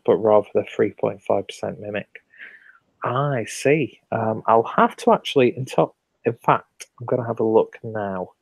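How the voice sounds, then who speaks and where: An English man hosting a live beer review stream, chatting casually and reading out viewer comments in a relaxed, rambling way. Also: on the low side, creaky, no room sound, poor audio. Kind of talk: casual late-night live stream chat.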